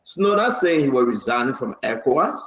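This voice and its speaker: A man's voice: mid-range voice, very animated, fairly quick, fairly bright tone. A male talk show host, speaking emphatically and insistently. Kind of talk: political talk-show discussion. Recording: echoey, dull lo-fi stream audio.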